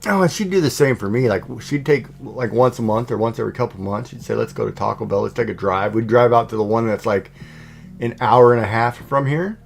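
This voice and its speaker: A man's voice: mid-range voice, lively intonation, fairly quick, gravelly, soft background music. A middle-aged man hosting a livestream from home, chatting casually and rambling with lots of fillers and restarts. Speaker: livestream host. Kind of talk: casual chat.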